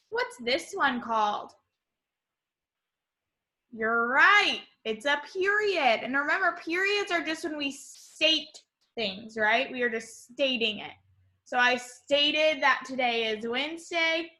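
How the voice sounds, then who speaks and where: A woman teacher leads a remote lesson for young kids from home, her voice high and bright. She talks slowly and clearly, upbeat and encouraging throughout, through a simple computer mic.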